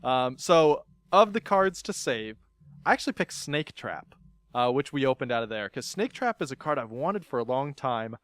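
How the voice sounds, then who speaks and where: A man's voice: medium pitch, sing-song, normal speed, clear, resonant tone, dry recording. A man hosting a casual podcast, playful and teasing, laughing often as he chats with his guest. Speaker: podcast host.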